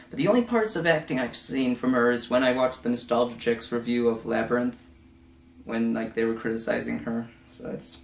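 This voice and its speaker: A young man giving a casual, rambling film review full of fillers and asides, now and then slipping into quick mocking voices. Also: mid-range voice, slight background noise. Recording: echoey room.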